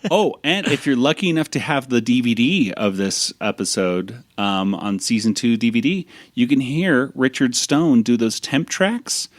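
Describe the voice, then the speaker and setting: A man's voice: medium pitch, moderate pace, hardly any pauses, no room sound, clean studio sound. A man hosting a podcast in casual chat, rambling with restarts and talking fondly about old cartoons. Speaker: podcast host.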